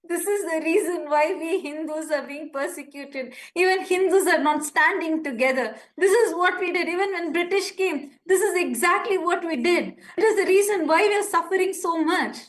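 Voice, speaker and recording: A woman with a high, bright voice makes an urgent live-streamed appeal. She talks in an impassioned way, pleading with listeners and turning indignant at critics. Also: moderate pace, hardly any pauses.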